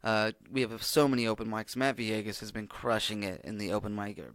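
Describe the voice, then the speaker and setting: A man's voice: lowish voice, fairly even intonation, fairly quick, a bit bright, no echo, clean studio sound. A man hosting a solo podcast, chatting casually in a rambling, profane, laid-back way. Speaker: podcast host.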